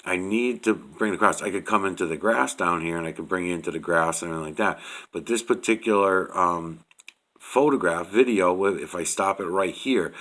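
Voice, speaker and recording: Low-voiced middle-aged man, loose rambling commentary, swears freely, halting delivery. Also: fairly bright tone. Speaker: video creator. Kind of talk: casual on-screen image commentary.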